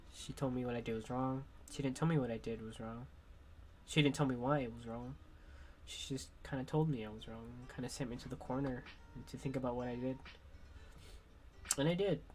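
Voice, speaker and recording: A young man, sick at the moment, talking frankly and haltingly in a personal vlog monologue as a streamer. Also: mid-range voice, darkish tone, slight background noise.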